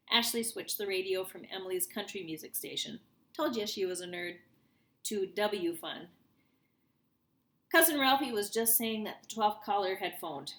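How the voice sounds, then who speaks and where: A woman reading a children's book aloud in a lively storytelling manner for young listeners. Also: medium pitch, moderate pace. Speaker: reader. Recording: roomy echo.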